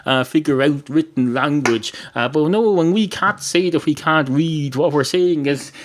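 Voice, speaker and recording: A man voicing a sardonic male cat at a bar who is fussy about his stout, in his own everyday voice with slight lifts in pitch. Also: normal speed, slight background noise, natural voice. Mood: explaining. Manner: pedantic, then mocking and exasperated.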